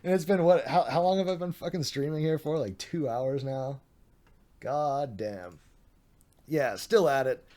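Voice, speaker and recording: A man's voice: a little high, measured pace, a little mellow. A man streaming late at night, reading out online drama with tired, sardonic commentary, swearing and laughing. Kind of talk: casual live-stream commentary.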